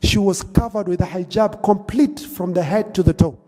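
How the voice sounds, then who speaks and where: A man delivers a sermon as an emotive story, often repeating lines in Arabic and then English. His voice sits high for a man. The sound carries a long hall reverb. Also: normal speed, mellow. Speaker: preacher.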